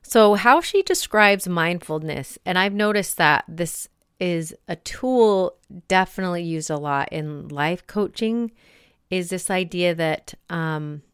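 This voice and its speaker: Lower-voiced, smooth-sounding woman podcaster. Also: animated, slow pace, no echo, studio quality. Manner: chatty, conversational, many fillers. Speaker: podcast host. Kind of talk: casual book discussion.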